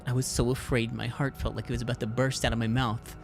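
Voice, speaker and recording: A man's voice: mid-range voice, little pitch movement, fast talker, vocal fry. A man streaming, reading a visual novel's text aloud expressively, with casual asides.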